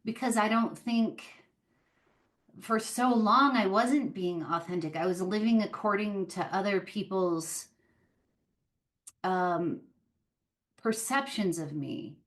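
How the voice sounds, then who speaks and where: A woman guest on a podcast tells her story in a loose, animated way, leaning on fillers as she goes. She speaks at an unhurried pace in a middle-pitched voice. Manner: animated, chatty, many fillers like "like" and "um". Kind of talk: casual storytelling in an interview.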